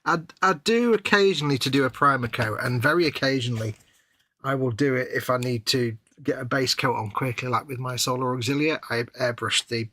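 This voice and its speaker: A middle-aged man with a bright, tense tone and a slightly husky edge. His sound is dry and close, with no room echo. He chats casually with dry, wry humour. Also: medium pitch, brisk. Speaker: co-host of a live hobby stream. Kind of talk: casual banter.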